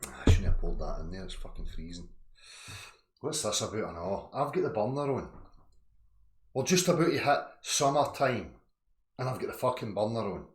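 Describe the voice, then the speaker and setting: A Scottish man hosting a livestream, chatting casually and ranting loudly with constant swearing. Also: on the low side, animated, moderate pace, pauses often, reverberant. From Scotland. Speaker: livestream host.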